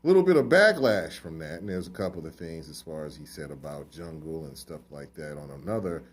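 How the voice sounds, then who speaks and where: A man's voice: extremely low pitch, animated, a little fast. A man hosting an interview, asking questions in a casual, conversational way. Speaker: interview host.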